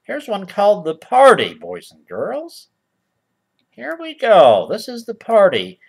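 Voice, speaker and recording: In a husky, high-pitched voice, a man spoofs a children's show by reading old rhymes with mock innocence and sarcasm. He drags out the quoted lines in slow, overdone readings and turns to quiz the boys and girls.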